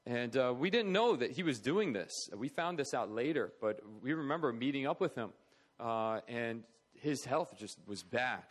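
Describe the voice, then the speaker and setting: A man's voice: mid-range voice, animated, moderate pace. A middle-aged man speaking at a charity talk, telling a personal story in an earnest, conversational way. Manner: earnest, conversational, acts out quoted voices.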